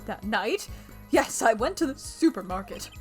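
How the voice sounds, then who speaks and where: A woman's voice: fairly high pitch, animated, normal speed, faint music behind, close to an everyday voice. A woman putting on a voice for a shifty male witness in a game, reading his flimsy excuses. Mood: defensive. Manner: put-on voice she calls not good.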